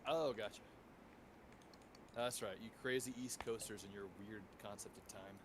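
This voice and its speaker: A man's voice: on the low side, fairly even intonation, normal speed. A man from Oregon co-hosting a livestream, chatting casually with wry, joking remarks. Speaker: livestream co-host. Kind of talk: casual chat. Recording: noisy home mic.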